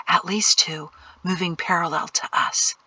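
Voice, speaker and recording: A woman playing a watchful father who keeps to a breathy whisper in an audiobook. The voice sits lower than her narration and stays soft and close. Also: fairly even intonation, a little slow, no room sound, distant mic, exaggerated voice, rough recording. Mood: urgent, hushed. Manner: hushed whisper. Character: cautious man, a father, tense and watchful. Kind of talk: audiobook character voice.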